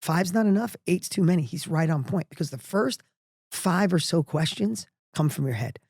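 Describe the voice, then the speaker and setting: A middle-aged man telling a personal story as a podcast guest, energetic and emphatic, often restarting his sentences. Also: fairly high pitch, moderate pace, slightly rough, no echo, studio quality.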